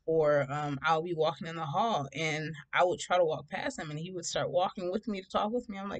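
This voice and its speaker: A woman in her thirties from Detroit telling a personal story in a casual, animated way, often laughing and acting out both sides of the conversations. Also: deep voice, normal speed, hardly any pauses. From Detroit, USA. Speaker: storytime vlogger.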